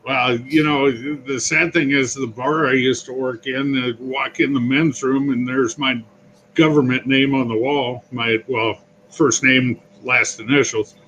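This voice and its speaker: A man's voice: mid-range voice, a little slow, slight background noise, low-quality recording. A man, a barbecue YouTuber, telling chatty stories in a casual talk. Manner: chatty, animated storyteller. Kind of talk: casual chat.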